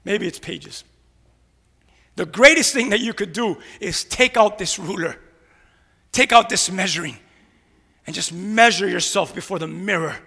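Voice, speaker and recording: A man pastor preaching with a very high, bright, cutting voice and a gravelly edge. He fires rhetorical questions at the congregation and drops into mumbled impressions of grumblers. His words ring out with a long echo through a church hall. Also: a little slow, pauses often. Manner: preachy call-and-response, rhetorical "what?" questions; mocking grumblers in mumbled asides. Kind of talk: energetic sermon. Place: church sanctuary.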